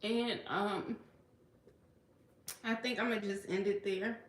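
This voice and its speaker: A woman's voice: mid-range voice, steady tone, takes it slowly, slight background noise. Earnest woman vlogging in an echoey room. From Washington DC. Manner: earnest, repeats "okay" and "you know". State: tearful at times. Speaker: federal worker and livestream vlogger. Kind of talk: emotional personal livestream.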